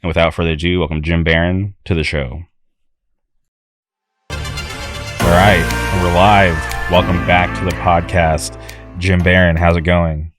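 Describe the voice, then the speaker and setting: A man's voice: deep voice, level tone, unhurried, long pauses, over music. A young man hosting a podcast, talking in an enthusiastic, rambling way with frequent restarts. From California. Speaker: podcast host. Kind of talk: casual podcast talk.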